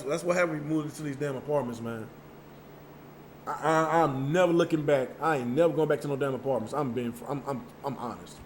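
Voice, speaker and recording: A gaming channel host with a higher-pitched voice reads his viewers' chat and talks with them casually during a live stream. His delivery is loose and emphatic, full of repeated words and light swearing. The audio carries a slight hiss or hum.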